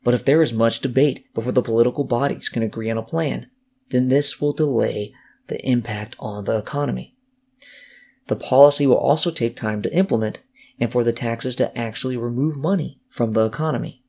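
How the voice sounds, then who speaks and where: A man calmly narrating a scripted economics explainer. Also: mid-range voice, gravelly. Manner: measured, explanatory.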